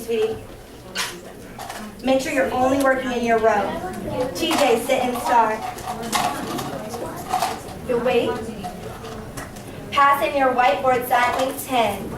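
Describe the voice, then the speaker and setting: A young woman teaching an elementary class, giving brisk countdowns, directions and praise to her students. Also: a little high. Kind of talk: classroom management. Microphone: camera across the room. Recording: distant echoey classroom camera audio. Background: children moving about.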